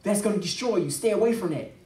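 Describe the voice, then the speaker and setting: A man's voice: high-pitched, animated, fast talker, a little mellow. A man, a pastor, preaching with passion in a discussion and acting out the voices of people he quotes. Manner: emphatic, acts out quoted voices. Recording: roomy, distant mic.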